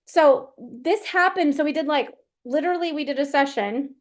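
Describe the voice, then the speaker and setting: High-voiced chatty woman coach. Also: moderate pace. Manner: chatty, animated storytelling with laughs. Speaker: performance coach. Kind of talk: live Q&A storytelling.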